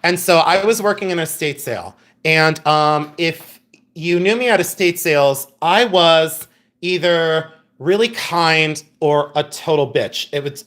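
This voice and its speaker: A man's voice: a little high, a bit bright. Chatty man hosting a live jewelry sale. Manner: chatty, laughing, bawdy storyteller; addresses chat viewers by name. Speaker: live-stream jewelry seller. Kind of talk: casual live-stream sales chat.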